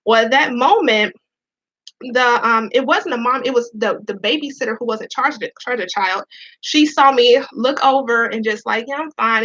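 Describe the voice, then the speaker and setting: A woman's voice: a little high, bright, forceful tone, lo-fi sound. A woman, a Navy veteran and police officer, candidly telling her own story to viewers, near tears and often repeating herself. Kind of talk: emotional personal storytelling to viewers.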